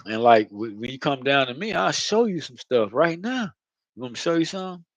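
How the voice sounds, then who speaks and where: A man's voice: medium pitch, sing-song, a little fast, no room sound, highs cut off. A man talking casually into his own vlog, rambling and profane, often asking "you know what I mean". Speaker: channel host. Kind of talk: casual spiritual vlog monologue.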